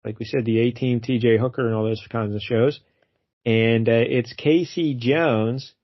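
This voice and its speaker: A man's voice: medium pitch, steady tone, normal speed, dry recording, lo-fi sound. A man co-hosting a casual comic book review show, laid-back and laughing often as he recaps the story. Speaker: podcast co-host.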